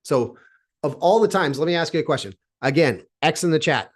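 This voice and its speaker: Energetic man giving a motivational talk. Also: a little high, fairly quick. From Seattle. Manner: energetic, emphatic, asks the audience questions. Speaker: speaker. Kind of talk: motivational talk at a virtual summit.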